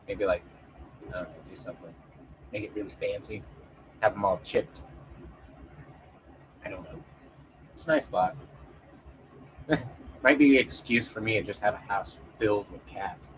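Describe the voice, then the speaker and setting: A man's voice: mid-range voice, animated, normal speed, long pauses, muffled recording, slight background noise. A man chatting casually with an audience as a streamer, rambling and joking with frequent swearing and fillers.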